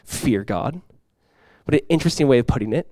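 A young adult man, a pastor, preaching a sermon in a casual, animated storytelling way. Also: mid-range voice, a little fast, no room sound, low-quality recording.

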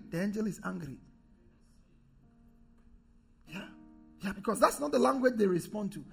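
A man's voice: high voice, vocal fry, a bit bright, husky. A male pastor preaching a sermon, emphatic, repeating key phrases and calling on the congregation to respond.

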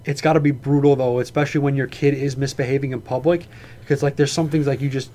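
A man's voice: mid-range voice, fairly even intonation, quick pace, warm tone, a little hiss or hum. A man co-hosting a casual podcast, rambling through his stories with frequent restarts and swearing. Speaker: podcast co-host.

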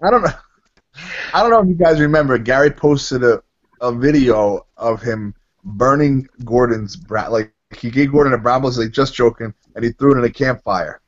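Man, animated and foul-mouthed storyteller, mid-range voice, slightly muffled recording. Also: medium pitch, normal speed. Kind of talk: casual podcast chat.

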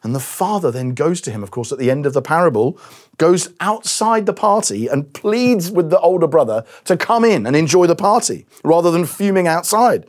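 A middle-aged male pastor preaching a sermon, telling stories with animated acted-out quotes and sometimes dropping to a quiet voice. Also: a little high, moderate pace.

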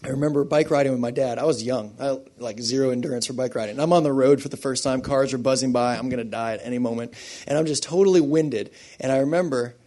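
A man preaching a sermon to a church congregation, swinging from hushed, quiet stretches to loud, fervent peaks. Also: mid-range voice, quick pace. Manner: impassioned, building from hushed to loud. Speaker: pastor.

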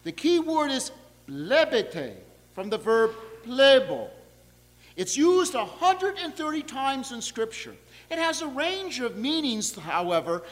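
Pastor, male, unhurried sermon delivery, lively and high voice, long church reverb. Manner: expressive, deliberate preaching with lively emphasis. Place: church sanctuary.

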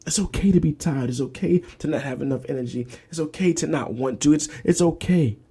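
Gravelly man preaching in whispers and swells. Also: a little high, a little fast, dark tone. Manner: emphatic, repeats phrases, dips to whispers. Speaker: podcast host. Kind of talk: preaching-style podcast talk.

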